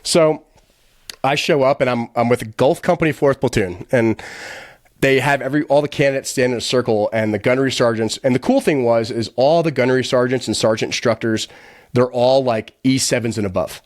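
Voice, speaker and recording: A man guest on a podcast, telling a story in a casual, animated, profane way, laughing often and rambling with lots of "like". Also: mid-range voice, dry recording, clean studio sound. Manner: quick, rambling, heavy use of filler "like".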